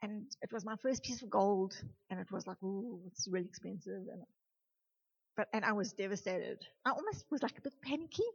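Husky-voiced woman preaching to a youth group. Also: mid-range voice, a little fast. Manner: animated, talks straight to the group. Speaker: youth leader. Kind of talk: youth sermon. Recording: dull lo-fi recording.

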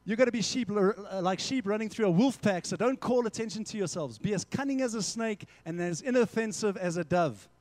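A young man preaching a casual, energetic sermon to a youth group, slipping into quick acted-out dialogues as he teaches. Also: sits high, no room sound. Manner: energetic, conversational, acts out little dialogues. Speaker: youth pastor.

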